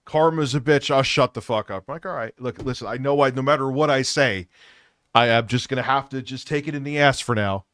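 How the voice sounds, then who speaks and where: A man's voice: medium pitch, brisk, fairly bright tone, clean tone, dry recording, studio quality. A man hosting a live stream, talking crudely and rambling with a lot of swearing. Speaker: livestream host. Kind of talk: casual live stream talk.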